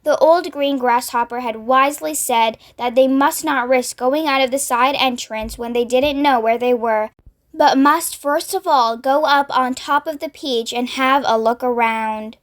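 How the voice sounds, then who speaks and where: High-voiced woman reading a storybook. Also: measured pace. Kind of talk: reading a children's book aloud.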